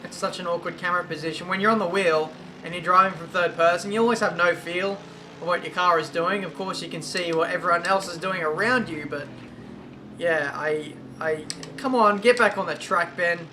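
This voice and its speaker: Playing a racing game, a young man who's a gaming YouTuber talks in a voice that sits high, with a steady, sharp tone. His commentary is casual, chatty and self-mocking, punctuated by quick exclamations, over game audio and engine noise.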